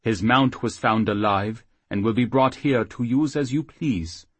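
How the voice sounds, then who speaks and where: A man voicing a small, solemn male halfling high priest who speaks formally and slowly. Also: breathy edge, no echo. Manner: formal, grave, slow.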